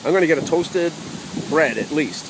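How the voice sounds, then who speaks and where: A man's voice: a little high, lively intonation, normal speed, vocal fry, noisy background. A man telling a humorous personal story with wry asides to the audience.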